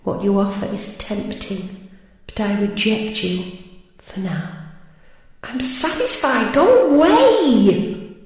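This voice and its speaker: A woman's voice: mid-range voice, takes it slowly, gravelly, pauses often. A woman reciting poetry with a wry, theatrical delivery. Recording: roomy hall with long reverb.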